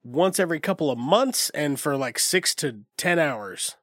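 A man's voice: a little high, expressive, normal speed, fairly bright tone, dry recording. Congested man hosting, dry close sound. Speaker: podcast host. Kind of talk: casual interview chat.

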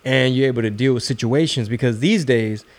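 A man's voice: medium pitch, a little fast. A man hosting a podcast, talking in a loose, profane, joking way. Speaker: podcast host. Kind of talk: casual podcast chat.

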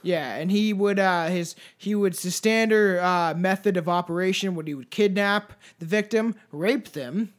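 A man's voice: high-pitched, normal speed, hardly any pauses. A man co-hosting a casual true-crime podcast, joking and swearing as he talks through cases. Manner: profane, joking, trails into mumbles. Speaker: podcast co-host.

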